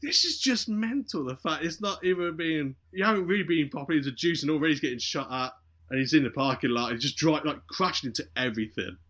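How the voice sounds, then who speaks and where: In a fast, higher-pitched voice, a man gives a casual, animated podcast retelling of a film plot. He performs the characters' lines as the story moves along.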